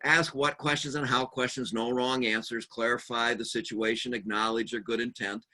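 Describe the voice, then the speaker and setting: A man leads a conference workshop with a bright, forceful voice. He talks in a lively, humorous way, mixing advice with stories. He often slips into the voices of the people he describes. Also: mid-range voice, moderate pace. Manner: humorous storyteller acting out quoted voices; lively, animated delivery. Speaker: seminar speaker.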